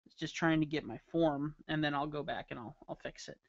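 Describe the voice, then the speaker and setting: A man's voice: fairly high pitch, brisk, no room sound. A man casually chatting with viewers during a live drawing stream, playful and jokey. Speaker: caricature artist streaming live. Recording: dull lo-fi stream audio.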